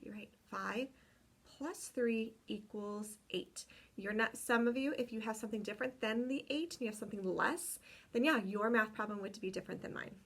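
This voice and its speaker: A woman teaching a class of young children, spelling words slowly letter by letter and encouraging them. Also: mid-range voice, gravelly, fairly bright tone. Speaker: kindergarten teacher.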